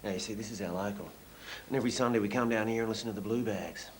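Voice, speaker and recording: A man's voice: fairly low pitch, racing, a little hiss or hum, lightly acted, rough recording. An actor playing an older male pub regular with an Australian accent, wry, teasing and laid-back. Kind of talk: film drama acting.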